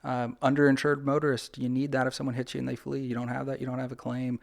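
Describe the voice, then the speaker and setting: Gravelly man, animated podcast guest. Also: medium pitch, fast. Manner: animated, talks things through with lots of "like" and acted-out quotes. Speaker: personal injury attorney, podcast guest. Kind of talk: conversational podcast interview.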